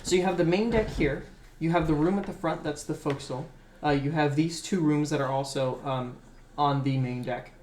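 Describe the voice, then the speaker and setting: A man running a tabletop game, casually explaining a ship's layout with many fillers and pauses. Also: fairly high pitch, a little mellow. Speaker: game master. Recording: echoey room, faint background noise.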